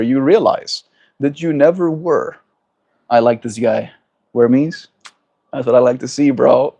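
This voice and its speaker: A man hosting a daily livestream, chatting casually and warmly greeting viewers by name in a laid-back, upbeat way. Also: medium pitch. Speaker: livestream host.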